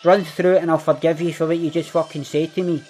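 A man's voice: a little high, little pitch movement, fast talker, warm tone, soft background music, natural voice. A man with a Glaswegian Scottish accent playing a swaggering, foul-mouthed young Glasgow ned, boasting in a comic monologue. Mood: boastful. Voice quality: heavy swearing, boastful storytelling. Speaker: comedy monologue character. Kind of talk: scripted comedic monologue.

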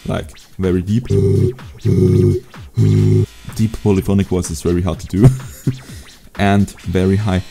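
A young man teaching a beatbox sound in a casual home video tutorial, relaxed and hesitant, with many fillers. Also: sits low, moderate pace, faint music behind. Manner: laid-back, hesitant with fillers. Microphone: USB desk mic.

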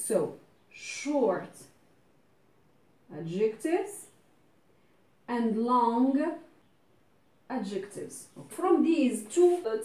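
A woman teaching an English grammar lesson, explaining patiently step by step, checking often that her students follow, and slipping into French and Arabic to make a point clear. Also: on the high side, a little mellow. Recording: echoey room, voice from a distance.

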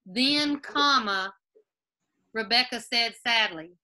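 A woman's voice: on the high side, slow, pushed and bright. A woman teacher on a video call, reviewing a grammar quiz with her class and patiently spelling out answers. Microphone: laptop video call.

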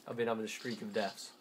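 A man's voice: on the low side, a little hiss or hum. A teenage boy commenting on his gameplay, rambling and correcting himself, easily frustrated. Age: teens. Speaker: gamer.

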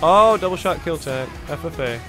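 A young man hosting a video-game montage reaction, talking casually, swearing often and bursting out in excited disbelief. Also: on the high side, moderate pace, soft background music. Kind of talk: casual gaming reaction commentary.

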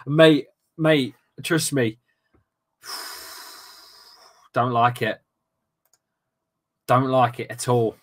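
A man hosting a football watchalong, commentating live with loud outbursts, swearing and casual banter with friends. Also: mid-range voice, very slow, long pauses. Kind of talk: excitable live match commentary.

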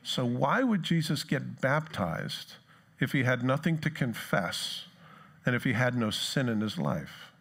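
A man preaching a sermon in a church, middle in pitch, talking in an easy conversational way. He reads scripture aloud and turns to his listeners with questions. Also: animated, measured pace, a bit bright, husky. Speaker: pastor.

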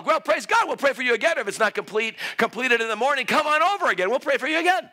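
A man preaching a sermon, telling a story, laughing and rising to shouts. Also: extremely high pitch, lively intonation, quick pace, few pauses. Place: church hall.

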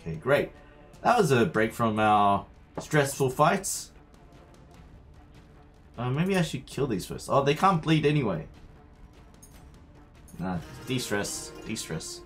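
A man's voice: medium pitch, very animated, slow pace, long pauses, a bit bright. A man streaming a game, chatting to himself and his viewers as he plays. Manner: chatty, talks to himself while playing. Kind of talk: live gameplay commentary. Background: faint game music.

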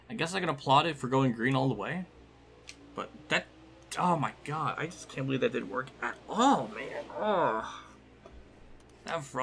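A man's voice: medium pitch, a bit bright, a little hiss or hum. A man casually commentating his own racing game career, rambling, laughing and swearing when frustrated. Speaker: gaming channel host.

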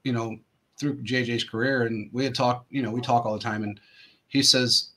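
A man's voice: mid-range voice, steady tone, normal speed, a bit bright. A male host telling rambling sports anecdotes in casual chat, full of fillers and restarts.

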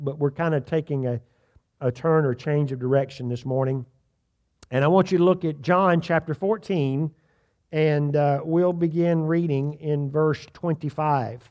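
A man pastor preaching a sermon in a church, reading scripture aloud with slow emphasis and putting questions to the congregation. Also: a little high, darkish tone. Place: church sanctuary.

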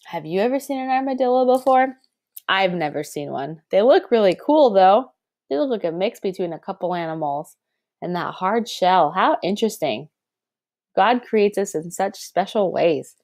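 A woman's voice: medium pitch, sing-song, moderate pace, darkish tone. A young woman teaching a children's music lesson, chanting rhythm syllables in an encouraging, sing-song way.

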